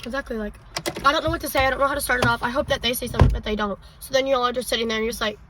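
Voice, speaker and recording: A woman's voice: fairly high pitch, fairly even intonation, racing, distant mic, music in the background, poor audio. A young woman co-hosting a podcast, chatting casually with lots of fillers. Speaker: podcast co-host. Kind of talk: casual chat.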